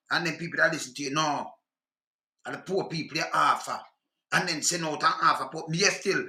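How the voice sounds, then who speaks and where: Ranting Jamaican man, high bright voice. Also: normal speed, reverberant. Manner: heated, profane, repetitive patois ranting. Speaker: commentator. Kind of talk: angry political rant.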